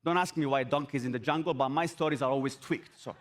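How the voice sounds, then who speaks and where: A man giving an energetic motivational talk on an event stage. He repeats his phrases and asks the audience rhetorical questions. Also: mid-range voice, quick pace. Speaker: motivational speaker.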